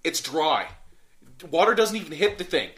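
Rambling, fairly high-voiced male storyteller. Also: sing-song, normal speed, fairly bright tone. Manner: rambling, many fillers and restarts, swears. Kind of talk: casual storytelling.

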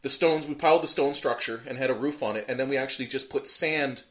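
A man's voice: mid-range voice, fast, fairly bright tone. A man telling a long, rambling story in casual chat, full of fillers, restarts and swearing.

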